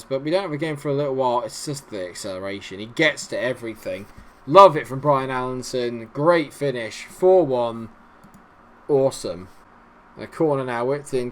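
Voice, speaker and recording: Man, casual game commentary, mid pitch, cheers and grumbles, faint background noise. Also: fairly quick, hardly any pauses. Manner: animated, swings from excited cheering to grumbling. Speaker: gaming YouTuber.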